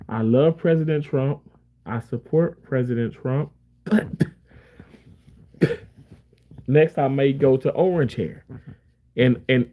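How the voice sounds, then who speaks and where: Reading chat comments out loud on his live stream, a man rambles casually and laughs often. He speaks at a fairly high pitch through narrow, tinny audio.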